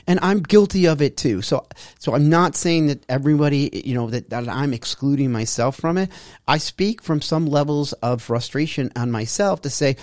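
A man's voice: fairly high pitch, normal speed, darkish tone, no echo, clean studio sound. A middle-aged man hosting a solo podcast, talking in an emphatic, frustrated, preachy way about habits and self-improvement. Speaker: podcast host. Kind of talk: solo motivational monologue.

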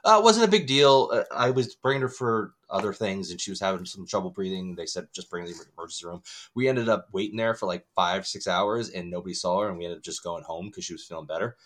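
A man co-hosting a podcast, telling stories in casual chat with an animated, swearing manner. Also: low-pitched, fast, hardly any pauses. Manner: animated storytelling, loud when acting out others. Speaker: podcast co-host.

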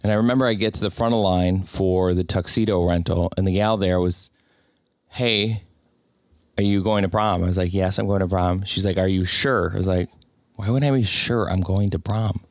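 A man with a fairly low voice tells a personal story in an earnest, reflective way. He voices the people in it in his own plain tone. The sound is dry and close, with little room around it. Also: fairly even intonation, a little fast, no room sound.

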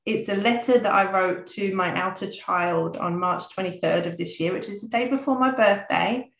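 A woman's voice: medium pitch, gravelly, roomy sound, a little hiss or hum. A woman guest on a podcast, talking in a heartfelt, reflective way and reading a personal letter aloud. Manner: heartfelt, slow and reflective, sometimes emotional.

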